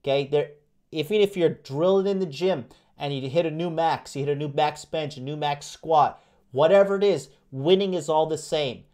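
A man coaching his viewers on a livestream, brash and profane, hammering the same phrases again and again and slipping into mocking whiny voices. His voice sits a little high for a man. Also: moderate pace, a little mellow. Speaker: dating coach and host. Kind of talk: livestream motivational rant.

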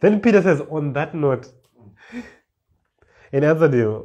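Slightly high and a little mellow, an animated man preaches, first reading scripture slowly and then explaining it with escalating emphasis and repeated words.

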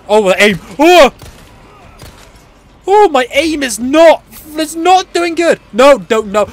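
A man streaming a horror game, reacting loudly, swearing at enemies and chatting to viewers between laughs. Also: extremely high pitch, slow, long pauses. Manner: excitable, yelling and swearing at the game. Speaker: gaming channel host. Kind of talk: let's play commentary.

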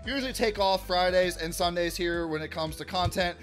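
A man hosting a casual card-opening vlog, chatty and upbeat, shouting out big pulls and often restarting his sentences. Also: sits high, normal speed, soft background music. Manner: chatty, hypes big pulls loudly, self-correcting restarts. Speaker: card-opening channel host.

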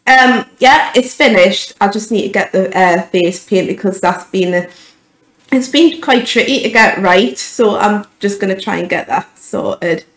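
A woman's voice: mid-range voice, unhurried, echoey room, rough recording. A young woman giving an emotional, gushing reaction to a film trailer, stumbling over her words as a YouTube vlogger. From United Kingdom.

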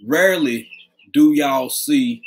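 Speaking slowly in a voice on the high side, a man casually greets his live-stream viewers by name from home. He leans close to his webcam microphone, and there's slight background noise.

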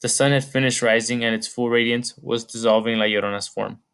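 A man narrating an audiobook chapter in a measured storytelling manner. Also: mid-range voice, steady tone, creaky, a bit bright, clean tone. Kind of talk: scripted narration.

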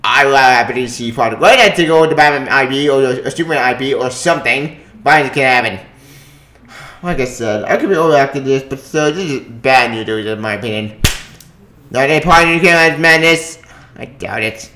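A man's voice: mid-range voice, sharp tone, reverberant. A man ranting angrily and profanely on his own channel, repeating himself and stumbling over his words. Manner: profane, agitated, repetitive, halting. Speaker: gaming vlogger. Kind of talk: angry solo rant.

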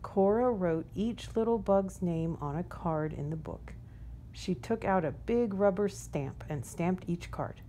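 A woman reading a children's picture book aloud in a gentle, unhurried storytelling manner. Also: fairly low pitch, a little hiss or hum. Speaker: storybook reader.

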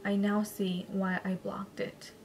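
Woman host, mid-pitch, reads submitted spooky stories with emotional chatty asides, soft music under her. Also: completely flat delivery, slow. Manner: emotional, tearful laughter between readings. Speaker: YouTuber reading viewer-sent stories. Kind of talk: reading emails aloud with chatty asides. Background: soft background music.

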